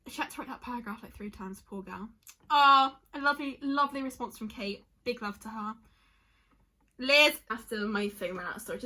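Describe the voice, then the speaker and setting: This young woman's voice is a little high with a sharp edge. In a casual vlog she reads her friends' responses and reacts on the fly, chatty and emotional, leaning on "like" and stopping herself partway through sentences.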